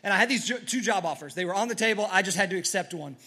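A male preacher with a fairly high voice delivers a sermon from a church stage. He tells his story earnestly, stumbling over restarts and moving from loud to quiet. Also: lively intonation, racing, husky. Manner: earnest storytelling with many restarts and swings in loudness. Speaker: pastor.

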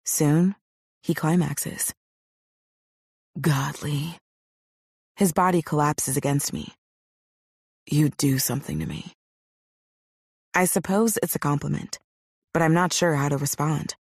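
A woman voicing a young man, a tender and eager lover, with a husky, hushed voice in an audiobook. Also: sits low, slow, pauses often, dry recording, studio quality, exaggerated voice. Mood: breathless. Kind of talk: audiobook character voice.

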